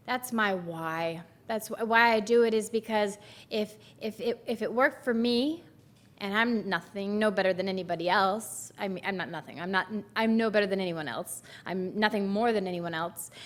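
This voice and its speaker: A woman's voice: medium pitch, a bit bright. A woman minister giving a Sunday talk in a rambling, chatty, self-deprecating way, speaking into a microphone in a church. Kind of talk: sermon. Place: church sanctuary.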